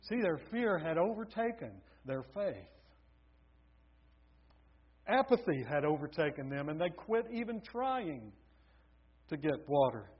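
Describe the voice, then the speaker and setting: A man's voice: high voice, slightly rough. A man preaching a sermon, telling stories with building emphasis. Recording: dull lo-fi recording.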